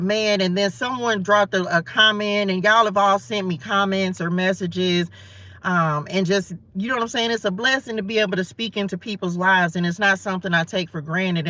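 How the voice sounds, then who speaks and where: A woman from the Southern United States, with a medium-pitched, fairly bright voice, hosts a casual morning Bible study livestream from her parked car. She's chatty and playful and laughs at herself. The audio is dull, with no room sound.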